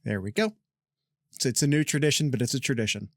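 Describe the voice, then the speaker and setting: A man's voice: mid-range voice, quick pace, no room sound, clean studio sound. A man co-hosting a casual podcast, joking and teasing his partner, talking over him at times, on a desk microphone at home. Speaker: podcast co-host. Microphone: desk microphone with noise gate.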